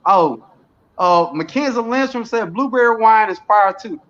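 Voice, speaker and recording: A man's voice: sits high, lively intonation, moderate pace, fairly bright tone. A man co-hosting a live stream, joking and reading viewer comments aloud. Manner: reads out viewer comments, jokey, laughs. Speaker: co-host of a live gardening stream. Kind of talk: casual live-stream chat. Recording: dull lo-fi stream audio.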